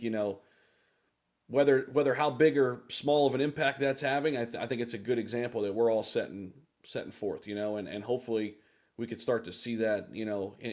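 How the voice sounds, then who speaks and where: Earnest halting man hosting a live room. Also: mid-range voice, darkish tone. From United States. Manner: earnest, halting, many fillers and restarts. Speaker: host of a live crypto audio room. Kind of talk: casual live talk.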